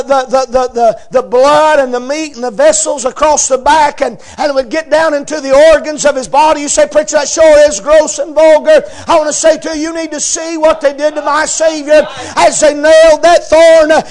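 A man preaching a sermon, building to impassioned shouts with stammering repetitions. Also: extremely high pitch.

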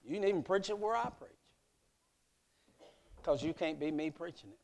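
A male preacher giving a sermon at a youth meeting, telling a story with emphatic swells and soft drops. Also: fairly high pitch, expressive, moderate pace, vocal fry. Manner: emphatic storytelling that rises and falls.

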